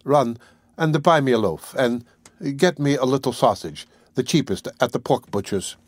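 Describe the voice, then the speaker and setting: A man's voice: medium pitch, lively intonation, husky, no room sound. A man reading a sullen, brooding young student. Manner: slow, sullen, reluctant.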